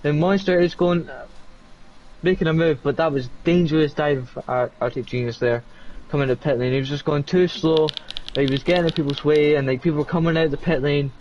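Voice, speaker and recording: A man co-commentating a sim race in a loose, halting way, full of likes and uhs. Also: fairly high pitch, fairly even intonation, darkish tone. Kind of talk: live esports race commentary. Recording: dull lo-fi mic with faint noise.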